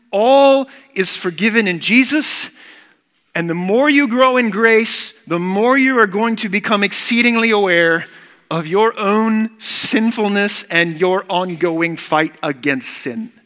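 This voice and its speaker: A man's voice: high voice, bright, forceful tone, long reverb tail. A man preaching a sermon as pastor, earnest and emphatic, repeating key words.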